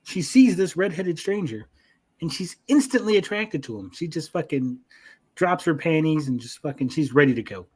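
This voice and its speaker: A man co-hosting an anime review chat, retelling scenes in a lively, profane way with mock voices. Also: on the high side, normal speed, breathy edge. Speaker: podcast co-host.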